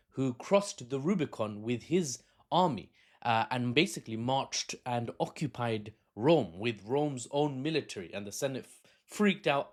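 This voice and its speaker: A man at a medium pitch talks through political events in a loose, unscripted commentary. He keeps breaking off with chatty, self-mocking asides and laughs easily at himself. It is recorded on a phone camera. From Britain. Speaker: political analyst.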